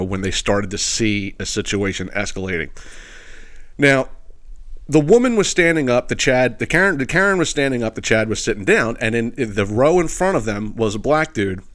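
With a fairly low, fairly bright voice, this man hosts a podcast full of casual, swear-laden storytelling, leaning on filler phrases and laughing at his own jokes.

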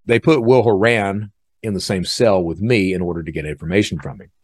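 A man hosting a podcast, telling a story in a casual, animated way and acting out other people's lines. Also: sits low, fairly quick, no room sound, clean studio sound. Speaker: podcast host.

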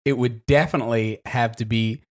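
A man's voice: medium pitch, fairly even intonation, brisk. A man on a casual podcast, telling a long story with frequent swearing and laughter. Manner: swears freely, laughs through his story. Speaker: podcast co-host.

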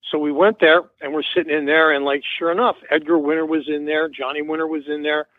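A man's voice: fairly high pitch, fairly even intonation, fairly quick, dry recording. A man, a musician guest, telling a rambling story in an interview and acting out the quoted dialogue. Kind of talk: casual anecdote in an interview. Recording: tinny dry phone line.

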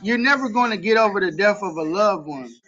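Guy with a high voice talking slow and earnest about faith, repeats himself for emphasis, kinda muffled recording. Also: animated, bright, forceful tone. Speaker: podcast host. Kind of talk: faith-based personal talk. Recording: slightly dull lo-fi recording.

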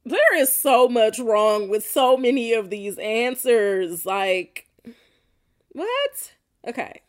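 A woman's voice: on the high side, slow pace. A woman hosting a podcast, reacting bluntly and profanely to listener answers, often laughing. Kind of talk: casual reaction chat.

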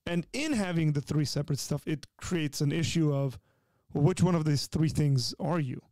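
Male podcast host, slightly high gravelly voice, hesitant and filler-heavy, dry close sound. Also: moderate pace, a little mellow, no room sound. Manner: hesitant, many fillers and restarts. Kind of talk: casual conversational interview.

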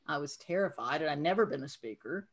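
This middle-aged Southern US woman, appearing as a podcast guest, tells her career story in a relaxed chat, candid and quick to poke fun at herself. Her voice sits low, expressive and fast-paced.

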